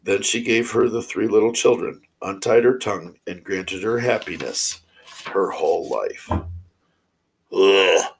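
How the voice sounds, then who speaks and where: A man reading old fairy tales aloud in a steady, measured way. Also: fairly low pitch, vocal fry, breathy edge, low-quality recording. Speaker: storyteller.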